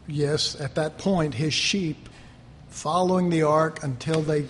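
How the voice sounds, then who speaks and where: A man preaching a fervent sermon, swinging between loud outbursts and quiet asides. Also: a little high, steady tone, slow, big-room sound, a little hiss or hum.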